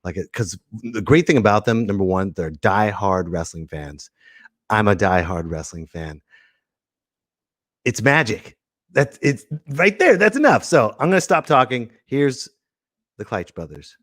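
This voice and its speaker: A man's voice: fairly low pitch, very animated, unhurried, a bit bright, no room sound, clean studio sound. A man hosting a comedy show, riffing sarcastically in a casual monologue.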